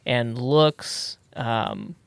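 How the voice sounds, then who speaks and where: A man's voice: mid-range voice, huge pitch swings, very slow, gravelly, clean tone, no room sound. A man hosting a podcast in casual chat, easygoing and enthusiastic, laughing often. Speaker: podcast host.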